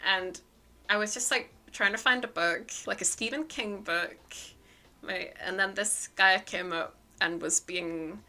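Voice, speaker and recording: A woman's voice: medium pitch, a little slow, bright, forceful tone. A woman chatting casually to her stream viewers, telling a story in a rambling, hesitant way full of fillers.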